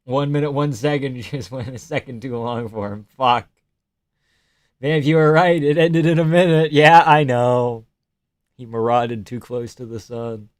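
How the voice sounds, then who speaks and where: A man streaming live reactions to a fight, talking casually with lots of swearing and bursting into shouted groans. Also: a little high, moderate pace. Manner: profane and excitable, breaking into shouted groans.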